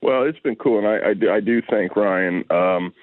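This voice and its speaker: A man talking casually as an interview guest, rambling and relaxed, repeating words as he restarts his sentences. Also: fairly low pitch, normal speed, dry recording. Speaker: interview guest, retired baseball player. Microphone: phone. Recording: tinny phone line, dry.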